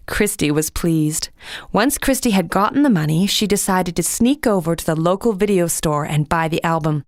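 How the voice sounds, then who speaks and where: A woman narrating a children's audiobook in a clear, expressive storytelling voice. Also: on the low side, normal speed, no echo, clean studio sound.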